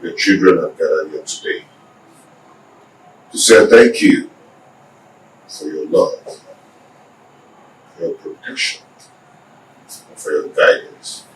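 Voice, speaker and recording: An actor playing an elder who leads a solemn declaiming prayer, from far off in an echoey space. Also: male voice, low-pitched, very animated, slow pace, long pauses, a little hiss or hum, heavily acted. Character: elder leading a family prayer of thanks.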